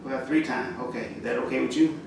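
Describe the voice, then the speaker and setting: A man leads a casual alphabet lesson, pausing often with fillers. He sits well back from the mic, so his voice rings in a very roomy space with steady background noise. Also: medium pitch. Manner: halting, many fillers, slow and clear letter drills. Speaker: Arabic teacher. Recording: roomy echo from far off, audible noise.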